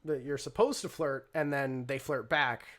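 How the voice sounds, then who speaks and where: A man's voice: mid-range voice, moderate pace, fairly bright tone, close to an everyday voice. A man voicing a brash, smug teenage boy in a leather jacket during a tabletop role-play game. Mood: cocky.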